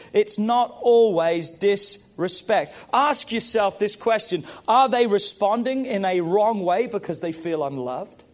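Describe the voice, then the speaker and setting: Middle-aged preacher, high voice, emphatic sermon delivery with repeated phrases and calls to the room. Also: male voice. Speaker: pastor.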